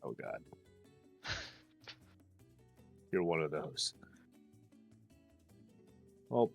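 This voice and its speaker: A man's voice: very deep voice, animated, extremely slow, creaky, pauses often, lo-fi sound, soft background music. A man playing a tabletop game, hesitant and groaning as he thinks aloud. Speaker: player. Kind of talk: casual tabletop play.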